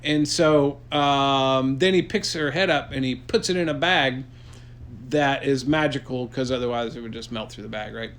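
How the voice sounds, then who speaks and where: A man improvising a silly story for his child, playful and rambling with deadpan jokes. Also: mid-range voice, normal speed.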